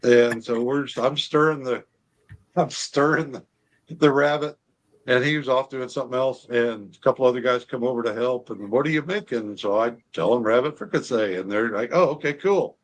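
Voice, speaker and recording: A man's voice: medium pitch, normal speed. A man from Alaska, a guest on a casual chat show, telling self-deprecating stories and laughing often.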